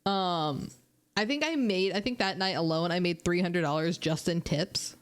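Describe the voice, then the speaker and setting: Young woman streamer yapping through funny work stories, chatty and animated, swears a lot. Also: fairly low pitch, normal speed. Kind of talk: casual storytelling.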